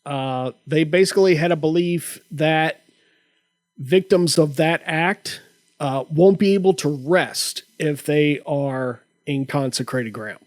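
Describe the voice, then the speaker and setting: A man hosting a comedy podcast, telling a story in a casual, halting way with frequent restarts. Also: a little high, dry recording, poor audio. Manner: slow, halting delivery with many restarts. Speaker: podcast host.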